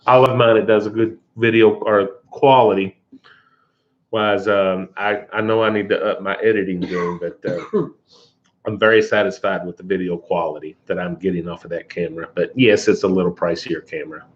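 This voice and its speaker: A man hosting a casual livestream in a relaxed way, reading viewer comments aloud and answering them. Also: deep voice, normal speed. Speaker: livestream host. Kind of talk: casual live chat. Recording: dull lo-fi livestream audio.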